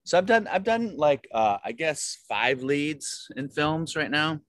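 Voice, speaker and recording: A man's voice: fairly high pitch, very animated, a little slow, a bit bright, dry recording. A man, an actor, telling rambling self-deprecating stories in a casual interview, with many fillers and restarts. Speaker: actor guest.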